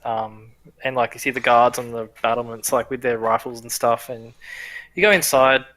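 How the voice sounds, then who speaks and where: A man's voice: medium pitch, steady tone, normal speed, fairly bright tone. A man narrating a tabletop game as its game master at home, in a loose, rambling way. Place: home room.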